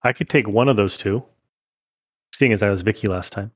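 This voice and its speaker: A man's voice: fairly low pitch, a little fast, dry recording, clean studio sound. A man playing a tabletop game who chats casually and throws in jokes. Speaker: player.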